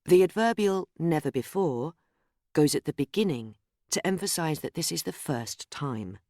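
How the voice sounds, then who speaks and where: A narrator reading a scripted grammar lesson in a measured, explanatory way, speaking example sentences aloud. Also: mid-range voice, animated, warm tone, no room sound, clean studio sound. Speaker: course narrator.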